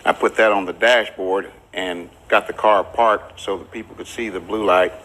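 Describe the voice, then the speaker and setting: An older man with a drawl recalls past events for a documentary interview. His voice is bright and sits a little low, and he slips into the voices of the people he quotes. The telling is plain and unhurried. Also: fairly even intonation, poor audio.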